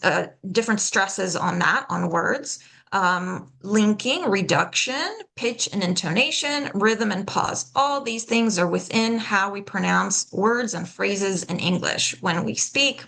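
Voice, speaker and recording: Woman instructor with a bright, slightly gravelly voice, patient and explanatory, modeling words slowly. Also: medium pitch. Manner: patient, explanatory, checks in with frequent "okay?"; demonstrates sounds slowly and deliberately. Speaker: pronunciation workshop instructor. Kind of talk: live online workshop teaching.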